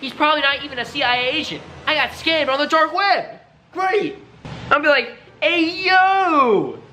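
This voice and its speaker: Hyper, bright-voiced male vlogger. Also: very high voice, slight background noise. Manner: hyper, dramatic, loud exclamations. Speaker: YouTube host. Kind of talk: excited reaction vlog.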